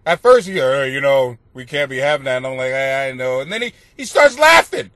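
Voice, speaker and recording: A man's voice: mid-range voice, very animated, brisk, a bit bright, no echo. A man hosting a comedy podcast, telling a rambling, profane story and laughing at himself. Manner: profane, laughs through his own story. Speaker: podcast host and comic.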